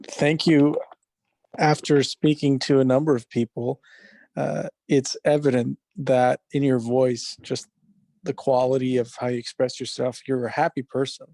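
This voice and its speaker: A man hosting a podcast, asking interview questions in a slow, measured way. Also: medium pitch, flat delivery, gravelly, dark tone, no echo. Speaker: podcast host.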